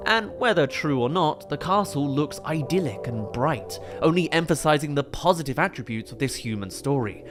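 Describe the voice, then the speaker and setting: A man reviews films in eager, detailed analysis, picking apart shots and lighting. His voice sits a little high, with faint music under his commentary. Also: animated, normal speed, hardly any pauses. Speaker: film reviewer.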